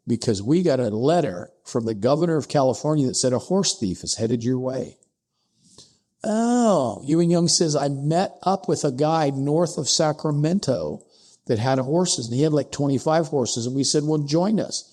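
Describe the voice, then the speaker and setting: A man telling a historical story as a podcast guest, acting out the dialogue with sudden rises in pitch. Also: expressive, normal speed, dark tone. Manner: acts out dialogue with pitch jumps, asides like "I'm paraphrasing". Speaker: podcast guest, distillery co-founder.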